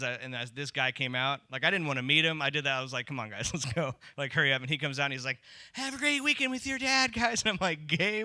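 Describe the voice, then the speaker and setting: A man's voice: medium pitch, pushed and bright, no room sound. A middle-aged man doing a crude, rambling stand-up set on a comedy club stage, talking into a handheld mic.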